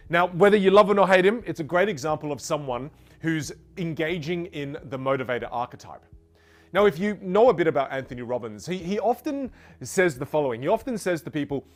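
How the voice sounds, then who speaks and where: A man teaching voice technique, explaining step by step. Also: fairly high pitch. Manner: explains step by step, demonstrates with sung syllables. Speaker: voice coach. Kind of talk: teaching to camera.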